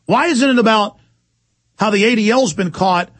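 A man's voice: high voice, moderate pace, a bit bright, dry recording. A man hosting a political talk show, ranting heatedly with sarcastic asides. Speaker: talk radio host.

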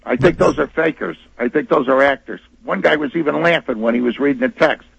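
Halting male caller on a dull line. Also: medium pitch, creaky, slightly rough, no echo. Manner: hesitant, halting, full of restarts. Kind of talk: call-in radio.

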